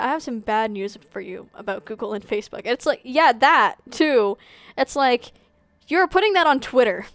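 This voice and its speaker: A woman's voice: a little high, expressive, normal speed, dry recording. A young woman streaming a game, chatting casually and rambling with lots of "like". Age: young adult. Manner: rambling, fillers of "like". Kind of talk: casual gameplay chat.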